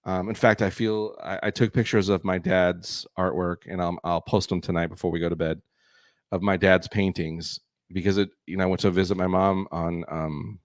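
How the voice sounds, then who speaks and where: Rambling low-voiced man from California. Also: flat delivery, normal speed, dry recording. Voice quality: slight crackle in voice. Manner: rambling, self-correcting, earnest. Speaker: podcast co-host and artist. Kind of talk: casual chat.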